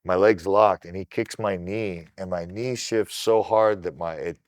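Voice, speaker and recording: Deep-voiced man telling fight stories. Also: a little slow, dry recording, clean studio sound. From Ohio. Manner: animated retelling, swears freely. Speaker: podcast guest, kickboxer. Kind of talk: casual storytelling.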